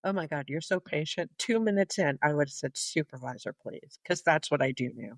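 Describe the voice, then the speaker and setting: A woman co-hosting a podcast in casual chat, blunt and quick to swear, throwing in short reactions. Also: sits low, expressive, no room sound, clean studio sound. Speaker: podcast co-host.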